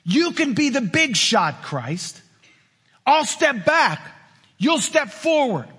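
A man's voice: extremely high pitch, big pitch swings, slow pace, sharp tone, breathy edge, pitched above the performer's own voice, full character voice. A man voicing a scheming male devil who coaxes and tempts, in a reverberant hall. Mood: coaxing. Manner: coaxing, persuasive.

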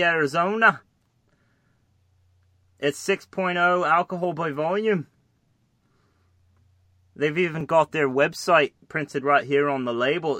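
A man's voice: on the high side, bright, forceful tone, dry recording, studio quality. A man co-hosting a casual podcast, trading crude jokes and teasing banter over a beer. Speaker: podcast co-host.

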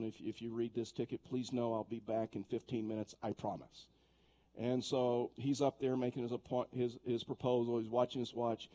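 A man's voice: medium pitch, dark tone. A man preaching a sermon in a conversational way, telling stories and often repeating words as he starts a sentence. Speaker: pastor. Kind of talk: sermon with storytelling.

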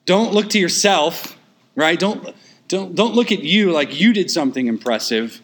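A man preaching an expository sermon, emphatic and repeating key phrases, with quick asides and sudden pushes of emphasis. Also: high-pitched, expressive, fairly bright tone.

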